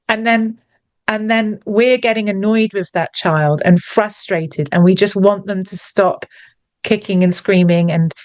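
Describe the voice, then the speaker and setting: A woman's voice: mid-range voice, measured pace, a little mellow, no room sound. A woman co-hosting a podcast, speaking in a reflective, searching way about feelings, often restarting her sentences. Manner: thoughtful, searching, with many restarts. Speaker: podcast co-host. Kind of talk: reflective conversational chat.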